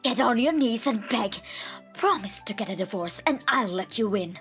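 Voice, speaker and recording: A shrill, screaming mother-in-law, as a woman puts her on for a manga dub, full of scorn and spite. Her voice jumps high and harsh, and faint music plays under it. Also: lively intonation, normal speed, fairly bright tone. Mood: furious.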